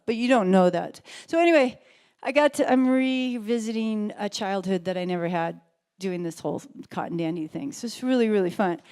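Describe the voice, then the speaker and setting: A woman's voice: on the high side, a little mellow. A woman giving an earnest, rambling, chatty talk to a live audience as a summit speaker and ukulele teacher. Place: event hall. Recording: echoey hall with ukulele music.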